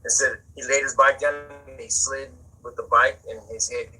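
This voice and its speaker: A man with a husky, raspy voice that still cuts through bright and sharp. He talks loosely and profanely in a casual interview, circling back and repeating words as he goes. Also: medium pitch, flat delivery, moderate pace, soft background music, poor audio. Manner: profane, rambling, repeats words while searching. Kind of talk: casual spoken storytelling.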